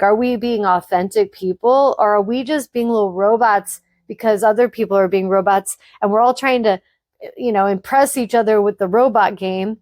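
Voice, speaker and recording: A woman's voice: medium pitch, no room sound, studio quality. A woman hosting a spiritual podcast, speaking frankly to her listeners in an emphatic, blunt monologue that swears freely.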